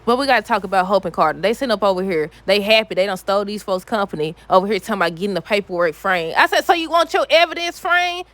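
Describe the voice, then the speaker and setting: A woman giving a casual, animated recap of a soap opera, talking back to the characters with exasperated asides. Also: medium pitch, racing, hardly any pauses, no echo.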